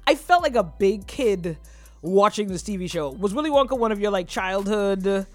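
A woman's voice: mid-range voice, expressive, normal speed. A woman co-hosting a casual live morning show, chatty and gushing, often laughing. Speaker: co-host.

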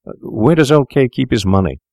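A man voicing a calculating young doctor in a story, talking in a smooth, matter-of-fact, coaxing way. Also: medium pitch, lively intonation, brisk, a little mellow, no echo, clean studio sound, voice pushed up. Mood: coolly insistent. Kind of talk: audiobook character voice.

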